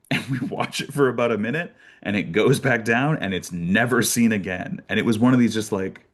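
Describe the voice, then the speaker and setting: A young Canadian man telling lively birding stories in a casual talk, with many fillers and restarts. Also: on the low side, normal speed. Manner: animated storyteller, many fillers and restarts, laughs often. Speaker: birder giving a talk.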